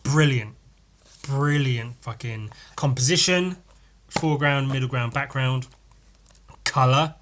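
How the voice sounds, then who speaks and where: A man hosting a podcast who reads through a comic and raves about it in loose, casual chat. He swears freely and laughs often, and his voice has a bright, forceful edge. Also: medium pitch, takes it slowly, pauses often, slight background noise. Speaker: podcast host.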